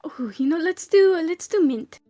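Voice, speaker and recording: A woman's voice: extremely high pitch, animated, normal speed, warm tone, soft background music. A woman playing a tabletop game, hesitant, with many fillers. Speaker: player.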